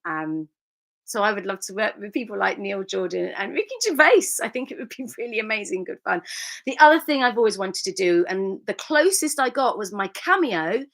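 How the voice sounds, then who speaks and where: A woman's voice: mid-range voice, fairly bright tone. A middle-aged woman, an actress chatting candidly with fans as she reads out their comments, laughing often. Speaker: actress hosting a live fan Q&A. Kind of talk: casual chat reading viewer comments.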